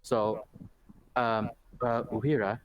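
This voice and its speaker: A man playing in an online tabletop game, speaking haltingly with many restarts. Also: lowish voice, flat delivery, highs cut off, noisy background. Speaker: player. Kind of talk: casual tabletop game play.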